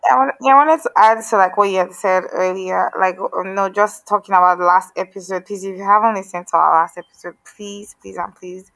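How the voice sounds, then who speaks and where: A Nigerian woman co-hosting a podcast, talking in an animated, emphatic way with pleading asides. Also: mid-range voice, quick pace, few pauses, no room sound, poor audio. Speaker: podcast co-host. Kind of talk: casual chat.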